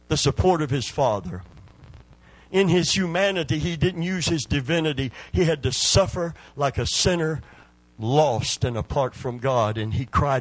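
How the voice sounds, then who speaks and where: Higher-voiced man preaching slowly. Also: dry recording. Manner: wide swings from hushed, drawn-out scripture lines to loud exhortation. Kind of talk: sermon.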